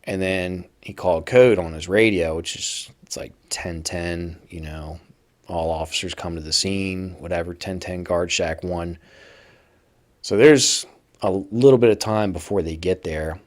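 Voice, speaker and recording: Male host, slightly low voice, conversational first-person storytelling. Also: measured pace. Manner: casual, conversational, acts out quoted voices loudly. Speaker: podcast host telling prison stories.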